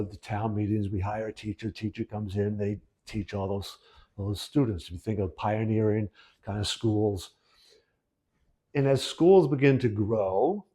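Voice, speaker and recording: Middle-aged guy talking schools, kinda gravelly, mellow dark tone, keeps saying right?. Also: mid-range voice. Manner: conversational, asks "right?" often, restarts phrases. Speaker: education commentator. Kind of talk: casual explanatory talk to camera.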